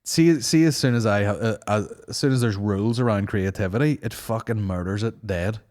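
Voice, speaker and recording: A man hosting a podcast, swearing through animated, casual banter. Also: on the low side, moderate pace. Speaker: podcast host. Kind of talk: casual chat.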